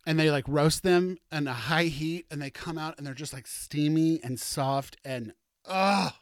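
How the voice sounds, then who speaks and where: Chatty, campy man with a fairly high voice. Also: measured pace, no room sound, clean studio sound. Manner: chatty, campy and animated, with laughs and asides. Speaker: podcast host. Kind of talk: solo podcast monologue.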